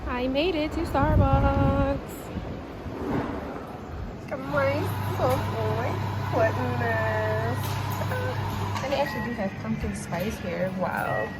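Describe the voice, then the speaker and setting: A woman talking casually to her phone camera in a vlog, excitable and chatty, full of fillers. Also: high voice, slow, pauses often, loud music behind the voice, low-quality recording. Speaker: vlogger. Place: outdoors, then a station café and shops. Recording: outdoor noise behind the voice.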